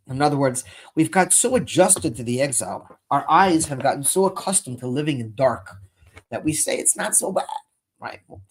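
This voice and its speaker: A man teaching Chassidus in English with Hebrew and Yiddish phrases mixed in, speaking with impassioned indignation. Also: a little high. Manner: impassioned, rising to near-shouting indignation. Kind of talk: Torah lecture.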